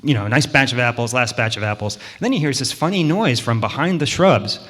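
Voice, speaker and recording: A man's voice: mid-range voice, expressive, a little fast, a bit bright. Man telling a children's story in a hall. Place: church sanctuary. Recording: long hall reverb.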